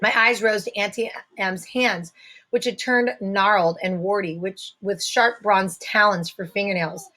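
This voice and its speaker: A woman's voice: mid-range voice, fairly even intonation, a little slow, sharp tone. A woman reading a novel aloud, telling the story in the first person. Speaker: audiobook reader.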